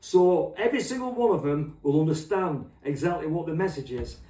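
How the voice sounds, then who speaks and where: A man's voice: fairly high pitch, animated, fairly quick, dark tone, distant mic. A middle-aged man ranting in a rambling, crude and sweary way as host of a comic monologue. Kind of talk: profane comic rant. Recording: echoey room, off-mic.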